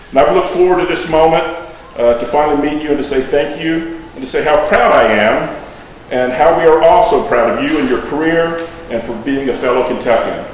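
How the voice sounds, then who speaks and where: A man giving a halting introduction speech full of fillers, presenting a guest of honor. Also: mid-range voice, slight background noise. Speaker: event host introducing the guest. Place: large indoor hall. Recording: echoey hall, distant mic, faint background.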